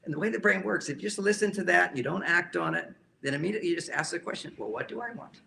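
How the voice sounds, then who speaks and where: A man's voice: high-pitched, fast talker, creaky, sharp tone, slight background noise. A man speaking as a relationship counselor, giving an emphatic talk to a live audience and often repeating key phrases.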